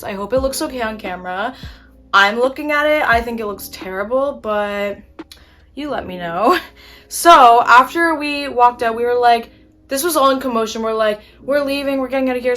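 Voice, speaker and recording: A woman's voice: on the high side, a bit bright. A young woman chatting casually while doing her makeup, telling an exasperated story with casual swearing. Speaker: beauty vlogger.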